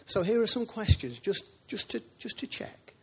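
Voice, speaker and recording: A man's voice: high-pitched, sing-song, normal speed, fairly bright tone, slightly rough. A man preaching a sermon in a church, chatty and informal, with asides to the congregation.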